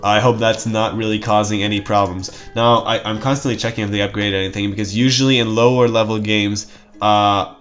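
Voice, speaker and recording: Man, mid-pitch, casual game commentator; rambling and jokey, slightly muffled mic, faint music underneath. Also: steady tone, a little fast, fairly bright tone. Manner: rambling, jokey, self-interrupting with nervous laughs.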